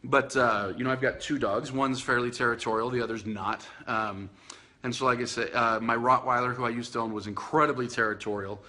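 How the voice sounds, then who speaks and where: A man hosts a casual dog-training podcast from home with a bright, forceful voice. He talks in a loose, chatty way, teasing himself and circling back with ums and restarts. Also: mid-range voice, fairly even intonation, a little fast. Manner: chatty, self-teasing, many fillers and restarts. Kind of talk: casual video podcast monologue. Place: indoors in front of a Christmas tree.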